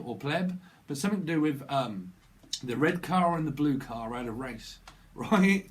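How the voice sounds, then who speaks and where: A man gives a channeled tarot reading. He talks in loose, free-associating riffs and swings from one pun to the next. His voice sits a little higher than most men's. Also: expressive, moderate pace. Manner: rambling free-association wordplay, laughing at himself. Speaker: tarot reader.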